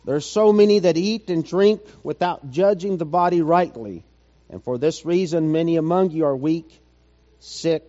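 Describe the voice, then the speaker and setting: Male preacher, high and mellow, slow deliberate sermon, dull lo-fi recording. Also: big-room sound. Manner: slow, rising to fervent intensity then dropping low.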